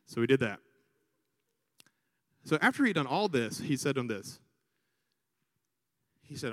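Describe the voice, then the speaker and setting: Animated Southern man preaching in a hall. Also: medium pitch, unhurried, long pauses. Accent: Southern American. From Alabama. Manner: animated storyteller, imitates crowds. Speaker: priest, vocation director. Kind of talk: sermon with storytelling.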